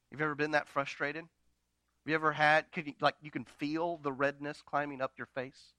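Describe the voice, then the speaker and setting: A man preaching a sermon from slides. He swings between loud, dramatic retellings and quiet, intimate asides to the congregation. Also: medium pitch, no echo. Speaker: pastor.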